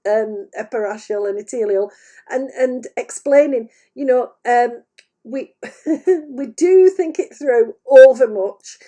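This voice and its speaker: Woman psychic medium, wheezy, mellow and unhurried, gentle and hesitant delivery. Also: a little high. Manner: gentle, hesitant, laughs often mid-sentence. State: wheezy, clearing her chest. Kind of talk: channelled spiritual message on a livestream. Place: at home.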